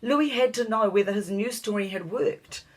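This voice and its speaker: A woman narrating a children's storybook in a measured, expressive reading voice. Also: medium pitch, poor audio.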